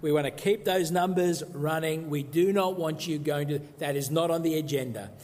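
A man voicing a brash, indignant apostle who scolds his master with loud boasting protest, in a long echoing hall. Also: a little high, moderate pace, natural voice. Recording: long echoey hall reverb.

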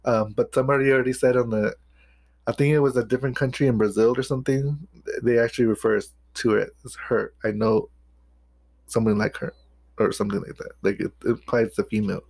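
A man's voice: medium pitch, steady tone, brisk, creaky, darkish tone, no echo. Rambling, hesitant man on a podcast. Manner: rambling, hesitant, restarts a lot. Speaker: podcast co-host. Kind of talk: casual chat.

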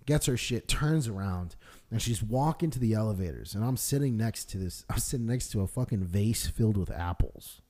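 Guy hosting a podcast, animated storytelling, voice jumps all over, cusses a lot. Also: lowish voice, moderate pace. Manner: animated storyteller, swears a lot, acts out yelling characters. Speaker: podcast co-host. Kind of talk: casual chat.

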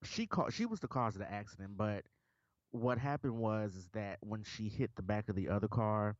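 A man co-hosting a podcast, telling stories in an animated, casual way and swearing freely. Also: fairly low pitch, normal speed, no room sound. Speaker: podcast co-host. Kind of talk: casual chat. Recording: dull lo-fi dry recording.

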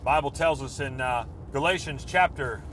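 A man preaching a sermon with fervent, repetitive phrasing that swells and then drops to a hush. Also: medium pitch, moderate pace, slight background noise.

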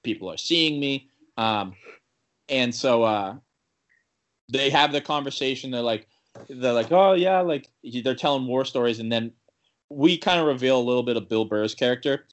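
A man's voice: mid-range voice, moderate pace. Rambling young man retelling a show. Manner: rambling, full of "like" fillers and restarts; animated retelling with quoted character lines. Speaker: podcast co-host recapping a TV episode. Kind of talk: casual chat.

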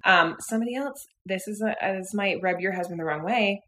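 A middle-aged woman co-hosting a casual podcast chat, relaxed and laughing often, reading out listener messages. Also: mid-range voice, brisk, a little hiss or hum. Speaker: podcast co-host.

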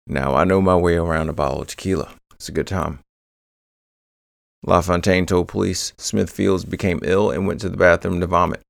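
A man's voice: sits low, fairly even intonation, moderate pace, vocal fry, no room sound, studio quality. A man hosting a true crime podcast, rambling through the case with joking asides. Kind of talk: casual true crime narration.

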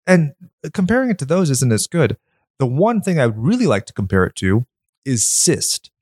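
A man's voice: medium pitch, big pitch swings, moderate pace, darkish tone, slightly rough, no echo, studio quality. A man hosting a podcast, chatting casually about films in a blunt, enthusiastic way and swearing freely. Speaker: podcast host. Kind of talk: casual film chat.

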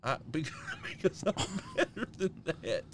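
Animated swearing middle-aged man storyteller. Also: fairly high pitch, moderate pace, background noise. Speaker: podcast co-host. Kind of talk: casual profane chat.

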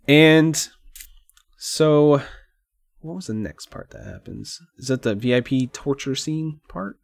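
A man's voice: on the high side, slow pace, no room sound, studio quality. A man co-hosting a podcast, chatting casually and rambling about a film with lots of "like.". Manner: relaxed, rambling, says "like" often. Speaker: podcast co-host. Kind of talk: casual movie discussion.

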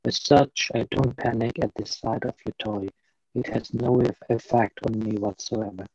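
A man reading a passage aloud, slow and measured. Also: mid-range voice, fairly even intonation, darkish tone, dry recording, dull audio, voice pushed down, natural voice.

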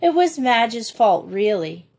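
A woman reading aloud, voicing a lively, boisterous schoolgirl in an eager, excitable way. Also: a little high, takes it slowly, gravelly, husky, heavily acted.

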